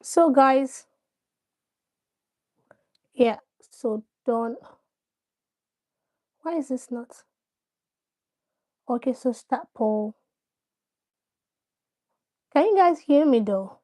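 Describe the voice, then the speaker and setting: A woman's voice: high voice, lively intonation, extremely slow, long pauses, a little mellow. A woman hosting a casual live stream, addressing her viewers directly, coaxing them to respond and often repeating herself.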